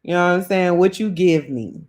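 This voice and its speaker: Woman, New Orleans accent, casual live-stream chat, emphatic, slightly low pitch. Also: moderate pace, darkish tone. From New Orleans, USA. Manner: chatty, emphatic, laughs often. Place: South Florida home.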